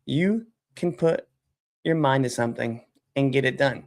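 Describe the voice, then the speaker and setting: At his computer desk, a software company founder hosts a casual livestream, typing as he chats. His voice is medium-pitched and unhurried, and he rambles with lots of fillers and some casual swearing.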